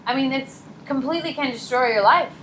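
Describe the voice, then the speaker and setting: A young woman teaching high school psychology in a classroom, chatty and animated, often saying "like" and "uh". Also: a little fast, a little hiss or hum, poor audio. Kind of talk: casual classroom lecture.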